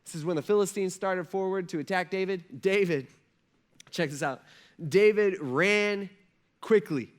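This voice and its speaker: A man's voice: sits high, measured pace. A male pastor preaching a sermon, telling a story with energy and acting out the characters' lines in casual speech.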